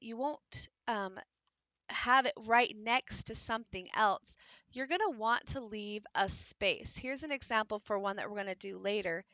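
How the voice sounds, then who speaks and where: Female teacher, crisp bright tone, dry close-mic sound, patient hands-on tutorial delivery. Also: a little high, no echo. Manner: patient step-by-step explaining, demonstrating while working. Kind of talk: instructional craft tutorial.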